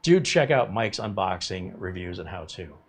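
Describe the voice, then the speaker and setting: Chatty low-voiced man in his fifties. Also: animated, moderate pace, breathy edge. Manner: rambling, chatty, reads viewer comments aloud. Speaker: tech YouTuber host. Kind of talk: casual live-stream chat.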